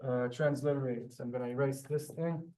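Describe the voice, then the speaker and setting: A man's voice: medium pitch, steady tone, a little fast, dark tone. A man from Israel teaching a Hebrew class, explaining patiently step by step and answering students politely. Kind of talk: classroom lesson over video call.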